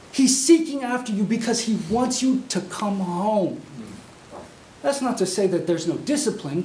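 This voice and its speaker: A man preaching a sermon as a student, telling a parable with lively storytelling and acted-out voices. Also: sits high. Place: university classroom. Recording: echoey classroom, mic far off, faint hiss.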